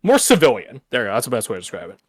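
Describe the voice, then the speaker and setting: A man's voice: medium pitch, wildly swooping pitch, rapid-fire, breathy edge, dry recording. A man narrating a tabletop game as game master, hesitant and searching for words as he describes the scene.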